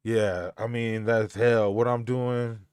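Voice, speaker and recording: A man's voice: lowish voice, steady tone, slow pace, darkish tone, clear, resonant tone, no echo, studio quality. A young adult man hosting a live stream from home, reading chat aloud and talking in a loose, slangy way with frequent laughs.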